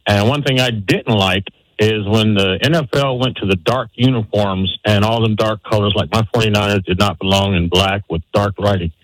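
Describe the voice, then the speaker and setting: A middle-aged man calling a radio show, his voice on the low side, friendly and folksy. The sound is dry and close. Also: normal speed, no echo, low-quality recording. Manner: friendly, folksy, giving advice. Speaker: radio caller. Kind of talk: phoned-in advice.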